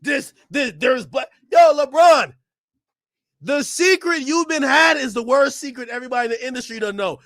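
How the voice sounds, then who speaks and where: A man ranting loudly and profanely to his chat during a live stream reaction. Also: extremely high pitch, lively intonation, moderate pace, no room sound, clean studio sound. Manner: loud, profane ranting, often shouting; talks to his chat and laughs between bits.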